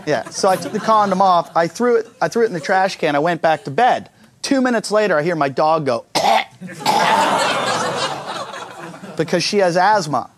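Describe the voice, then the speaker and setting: A man's voice: high-pitched, animated, a little fast, crowd noise. A man telling crude, self-mocking stand-up stories and acting out quotes, mixed with a casual tour of his neighborhood. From United States. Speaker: stand-up comedian and show host.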